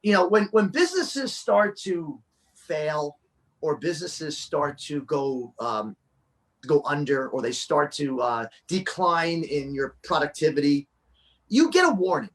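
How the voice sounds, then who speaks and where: A man chatting as a guest, an excitable storyteller who restarts his sentences a lot. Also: a little high, a little slow. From New Jersey. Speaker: guest, children's fitness performer. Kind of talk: casual interview chat.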